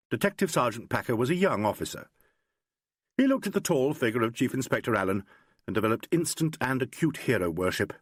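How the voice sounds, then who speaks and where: A man narrating a crime novel audiobook in a measured, expressive reading. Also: medium pitch, husky, no room sound, studio quality. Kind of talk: scripted narration.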